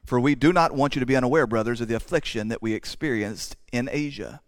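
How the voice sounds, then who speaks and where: A pastor with a drawl preaches in an easy, conversational way, slowing down for dramatic pauses and now and then tripping over a word and starting again. His voice sits at an ordinary man's pitch. It is recorded close and dry, with no room echo. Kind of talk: sermon.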